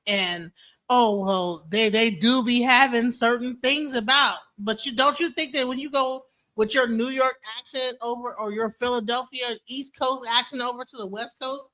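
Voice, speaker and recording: Woman host, casual livestream talk, bright sharp tone, blunt and profane. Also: on the high side, rough recording.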